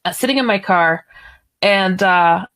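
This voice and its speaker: A woman guest author telling a story on a radio interview, animated and chatty, laughing now and then. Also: medium pitch, measured pace.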